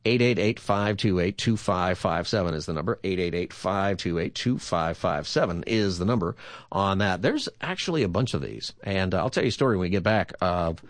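A man with a lowish voice hosts a call-in radio show as a pastor. He talks in an easygoing, conversational way, reading out the phone number again and again. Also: lively intonation, moderate pace, dry recording.

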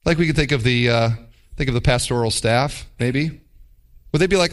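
A man's voice: medium pitch, moderate pace. A man preaching a sermon as pastor, with wry mimicking asides.

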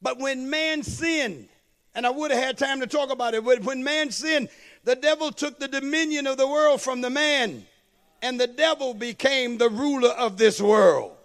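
A male pastor preaching a sermon with call-and-response, building into shouted, half-sung cadences. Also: very high voice, moderate pace.

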